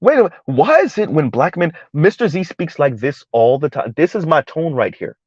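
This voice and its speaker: A man giving a heated, emphatic commentary rant on his vlog, repeating his points loudly. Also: on the high side, sing-song, fairly quick, husky, dry recording, lo-fi sound. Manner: loud, emphatic, repeats points, laughs at times. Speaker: commentary vlogger.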